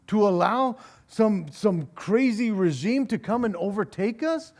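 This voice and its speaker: A man leads a relaxed evening Bible study as its pastor, his voice sitting high for a man. He moves slowly and deliberately through the scripture reading. Then he unpacks it in a chatty, wry way, with small chuckles and doubled-up words. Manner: reads scripture aloud, then talks it through with wry sarcasm; frequent repeated words and chuckles. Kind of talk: conversational Bible study sermon.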